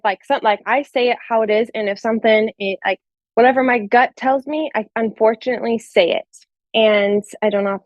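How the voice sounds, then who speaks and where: In a dry, dull-sounding recording, a woman with a voice on the high side shares her story as an interview guest. She chats casually, filling her speech with "like" and acting out what people said.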